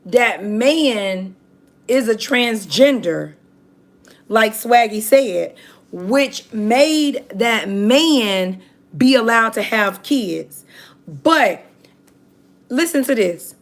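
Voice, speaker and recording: A woman's voice: on the high side, animated, very slow. A woman hosting a livestream, chatting casually with viewers and reading out their comments in a chatty, emphatic way. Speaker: livestream host.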